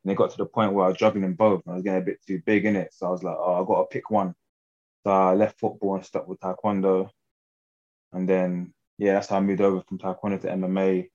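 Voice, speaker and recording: A man's voice: low voice, level tone, fast talker, a little mellow, highs cut off. A young English man talking as a guest fighter in a casual interview, laid-back and slangy, often laughing.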